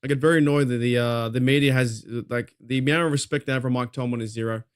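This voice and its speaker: Fired-up Australian fan host. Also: male voice, medium pitch, fairly even intonation, quick pace, clean tone. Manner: fired-up, rambling, swears freely. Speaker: podcast host. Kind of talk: casual fan commentary.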